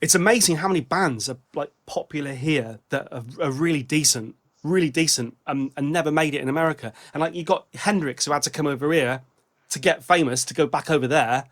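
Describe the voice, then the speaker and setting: A man's voice: a little high, fairly quick, a bit bright. A man co-hosting a casual music podcast, rambling as he talks, often restarting and correcting himself. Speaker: podcast co-host. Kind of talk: casual music-review chat.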